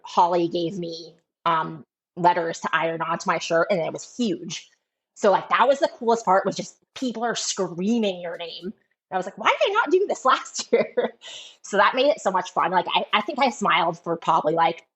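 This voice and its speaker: Chatty woman, low voice. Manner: chatty storytelling with many fillers. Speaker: guest runner. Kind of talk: casual chat. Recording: dull lo-fi sound.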